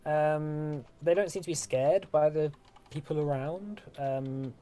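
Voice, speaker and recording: A man's voice: on the high side, takes it slowly. Hesitant male game master narrating. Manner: hesitant, many fillers, relaxed descriptive narration.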